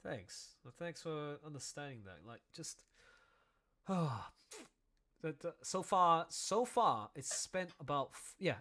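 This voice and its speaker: A man who is a comic artist, chatting casually on a stream in a chatty, animated way. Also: mid-range voice. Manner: chatty, animated, prone to laughing and restarts. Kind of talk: casual chat.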